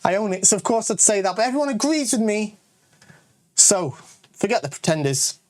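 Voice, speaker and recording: A man's voice: sits high, big pitch swings, a little fast. A man with a northern English accent, hosting a casual, jokey question-and-answer video and often tagging lines with "all right?". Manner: chatty, jokey, self-promoting, lots of "all right?" asides. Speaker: kendo channel host and shop owner. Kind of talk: casual Q&A rant to camera.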